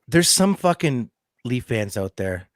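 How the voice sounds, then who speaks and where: A man's voice: medium pitch, big pitch swings, a little slow, no room sound, studio quality. A young man co-hosting a podcast, rambling with many fillers and swearing. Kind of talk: casual chat.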